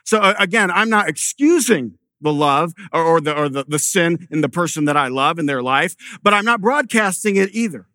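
Male pastor, middle-aged, bright forceful tone, dry close sound, chatty sermon with stories. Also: on the high side, expressive, moderate pace, few pauses, dry recording. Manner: conversational preaching with storytelling and repeated restarts.

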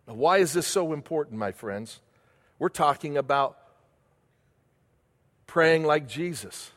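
A man's voice: fairly high pitch, moderate pace, pauses often, long reverb tail. A male pastor preaching a sermon, asking the congregation questions and answering them himself.

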